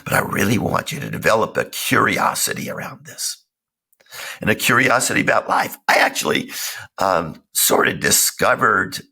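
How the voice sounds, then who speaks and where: A middle-aged man hosting a self-help podcast, talking casually and earnestly while hoarse from a cold. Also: lowish voice, lively intonation, normal speed, sharp tone. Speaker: podcast host. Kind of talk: casual solo podcast talk.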